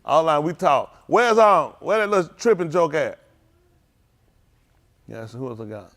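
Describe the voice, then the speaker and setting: Lively high-voiced teasing pastor. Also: male voice, normal speed. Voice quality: high lively voice that leaps up in mock singing. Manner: playful teasing, calls out names, Southern Black vernacular phrasing. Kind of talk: informal sermon with youth check-ins. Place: congregation hall.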